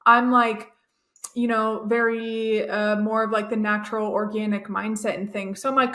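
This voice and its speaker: A young woman, chatting in a relaxed way about a personal story, often laughing. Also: on the high side, a little slow. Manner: chatty, laughs often, acts out quoted voices. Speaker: guest, new mom. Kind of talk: casual storytelling.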